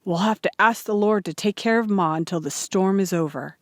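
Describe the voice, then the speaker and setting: A woman's voice: medium pitch, brisk, dry recording, studio quality, close to an everyday voice. A woman reading aloud, voicing an earnest, anxious farmer father in a plain, near-natural voice.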